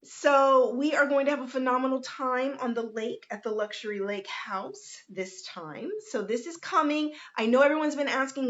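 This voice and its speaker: A woman's voice: high-pitched, normal speed, few pauses, fairly bright tone. A middle-aged woman, hosting a casual livestream and greeting viewers by name in a down-to-earth way. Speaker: host, life coach. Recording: lo-fi livestream audio.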